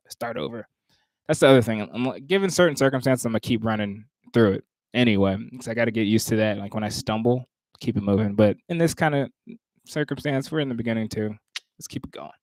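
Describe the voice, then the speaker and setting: A man rehearsing his own spoken word poetry, reciting lines, stopping, and talking to himself about pauses before starting over. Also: dry recording. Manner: stops and restarts lines, talks asides to himself; rises louder and higher when reciting.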